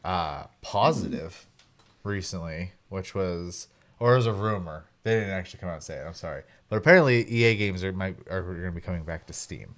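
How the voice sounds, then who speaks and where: A man with a deep, low voice chatting about games. He makes dry, wry asides in an easy, casual way. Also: fairly quick, a bit bright. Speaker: podcast co-host. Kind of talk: casual gaming chat.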